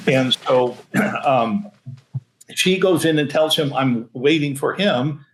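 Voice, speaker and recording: A man in his sixties, a senior pastor, telling a story in an interview, animated, chuckling and restarting often. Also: mid-range voice, slow pace, a little hiss or hum, poor audio.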